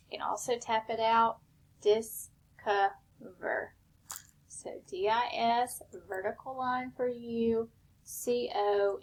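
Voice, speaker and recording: Woman teacher, patient step-by-step spelling lesson, gravelly voice, faint hiss behind. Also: fairly high pitch. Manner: slow, patient step-by-step instruction.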